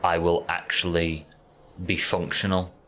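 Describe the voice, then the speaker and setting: Here a man from Yorkshire chats and rambles easily with viewers as he plays a game on stream in his warm bedroom. His low voice has a sharp tone and little pitch movement, delivered at a measured pace over a slight hiss or hum.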